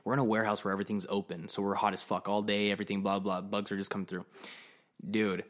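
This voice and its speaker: A man's voice: on the low side, fast talker. A man hosting a podcast, telling a long story in casual chat, heavy on swearing, acting out what others said. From Arizona. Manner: animated, profane storyteller who acts out quotes. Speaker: podcast host.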